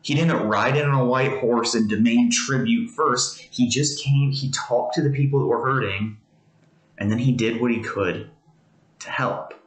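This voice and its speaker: A man's voice: mid-range voice, normal speed. Conversational man teaching in a roomy space. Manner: conversational, earnest, explains with everyday examples. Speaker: pastor giving a video devotional. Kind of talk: devotional teaching. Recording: roomy echo.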